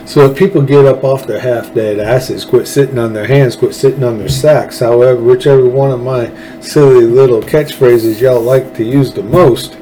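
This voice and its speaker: A man's voice: medium pitch, steady tone, moderate pace, hardly any pauses, mellow, slight background noise, poor audio. A man with a Texan accent hosting a political commentary show, talking in a folksy, fervent, rambling way with frequent restarts. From Texas. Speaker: show host.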